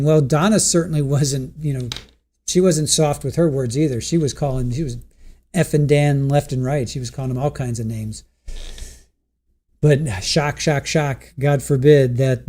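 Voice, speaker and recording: This trial commentary host speaks in a mellow, mid-range male voice. Hosting a live stream, he goes over the day's testimony in a relaxed, chatty way and asks viewers what they make of it.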